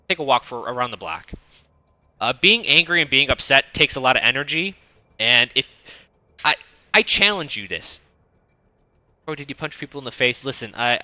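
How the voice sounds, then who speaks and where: Casting note: streamer, thirties, piercingly bright and dry-close tone, swears freely, rambling coach. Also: male voice, medium pitch, dry recording. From United States (Detroit). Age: 30s. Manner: profane, rambling, blunt advice; self-described monotone delivery. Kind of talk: casual coaching commentary.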